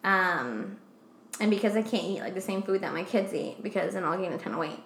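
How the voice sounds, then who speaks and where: A woman's voice: on the low side, expressive, a little fast, fairly bright tone, echoey room, slight background noise. A woman co-hosting a podcast, chatting casually, swearing a lot and trailing off into fillers. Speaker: podcast co-host. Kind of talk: casual chat.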